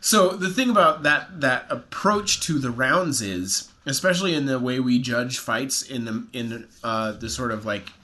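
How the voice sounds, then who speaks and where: A man's voice: medium pitch, a little slow, hardly any pauses, sharp tone. A man co-hosting a podcast, telling a rambling story in casual chat and acting out quotes. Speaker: podcast co-host.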